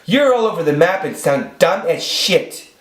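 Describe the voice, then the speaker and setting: A man putting on a high mocking woman's voice to mimic a scornful female critic. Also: animated, normal speed, lightly acted. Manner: mocking, exaggerated falsetto. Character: sneering scolding adult woman critic. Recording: echoey room.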